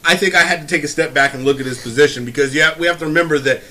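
A man from Northern California co-hosting a casual movie review podcast, animated, laughing and swearing freely. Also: fairly high pitch, racing. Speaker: podcast co-host.

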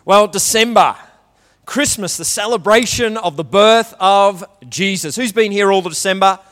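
A man's voice: high voice, moderate pace, a bit bright, long reverb tail. A man preaching a conversational sermon and asking the congregation questions. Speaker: pastor.

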